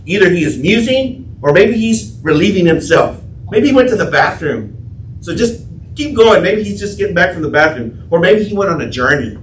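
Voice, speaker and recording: Pastor guy preaching, high voice, big dramatic storytelling, echoey room, kinda far from the mic. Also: lively intonation, normal speed, slight background noise. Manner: dramatic storytelling, acting out quotes, shouting at peaks. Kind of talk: sermon.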